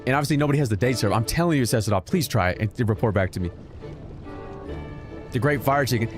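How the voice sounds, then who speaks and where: A man's voice: mid-range voice, quick pace, pauses often. Young guy gaming streamer, jokey, swears a lot, voice jumps all over, game music playing. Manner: animated, joking, swears freely. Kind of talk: casual gameplay commentary.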